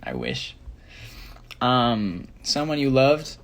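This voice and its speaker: A man's voice: mid-range voice, expressive, unhurried, pauses often, a little hiss or hum. A young man, a singer, casually answering fan questions on a phone livestream, sleepy and rambling with many fillers. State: sleepy, yawning.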